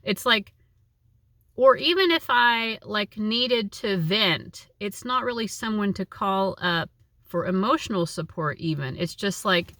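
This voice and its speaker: A tarot reader gives a casual, chatty reading full of fillers like "like" and "you know." Her voice is lowish and a bit bright, recorded at studio quality with no room sound.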